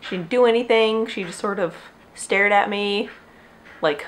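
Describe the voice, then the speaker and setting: At a measured pace and medium pitch, a young woman chats loosely on her knitting podcast at home, regularly interrupting herself to speak to her dog. There is slight background noise, and dogs share the space.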